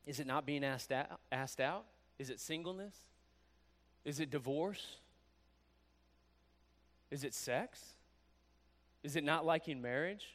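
A man preaching a sermon in a conversational, animated way, acting out quoted voices as he goes. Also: fairly high pitch, unhurried, long pauses. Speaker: pastor.

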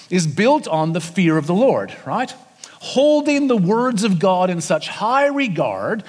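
A man's voice: a little high, long reverb tail. A man with an Australian accent preaching a sermon in a church in a conversational way, sometimes acting out the voices of people in the story. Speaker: senior pastor. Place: church auditorium.

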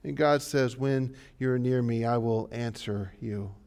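A male pastor delivers a sermon in an unhurried, gravelly voice. He swings between hushed, low passages and loud, rising exhortations.

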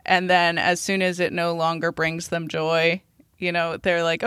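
A woman's voice: lowish voice, completely flat delivery, measured pace, fairly bright tone, smooth, dry recording, studio quality. A woman co-hosting a podcast in casual chat, playful and laughing often. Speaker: podcast co-host.

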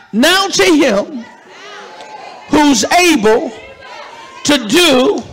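A male pastor preaching a sermon with call-and-response, building to shouts, recorded live in a church. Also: very high voice, vocal fry. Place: church sanctuary. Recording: live church hall reverb with congregation.

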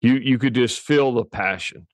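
A man's voice: mid-range voice, moderate pace, no echo. A man co-hosting a cattle-breeding podcast, telling a rambling story in casual chat and chuckling often.

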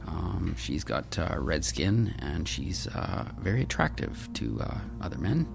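A man introducing his tabletop character in casual chat, halting with many fillers. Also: low voice, sing-song, gravelly, background noise. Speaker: player.

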